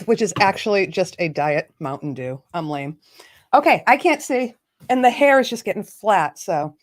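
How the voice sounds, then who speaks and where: A chatty woman hosts a casual livestream. Her voice sits a little high, and she greets viewers by name with quick laughs between the chatter. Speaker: livestream host. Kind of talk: casual live chat.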